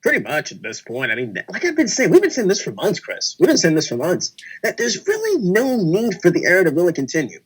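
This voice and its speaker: A man co-hosting a casual wrestling podcast, talking excitedly and acting out his own reactions as he recaps a show. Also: high voice, fairly quick, few pauses, breathy edge. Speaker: podcast co-host.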